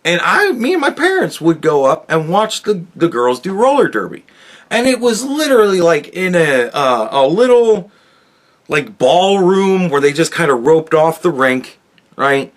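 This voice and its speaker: A man's voice: on the high side, sing-song, unhurried. A man hosting a podcast, ranting angrily and sarcastically with lots of swearing. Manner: angry, profane, sarcastic ranting. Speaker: podcast host. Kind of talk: solo podcast rant.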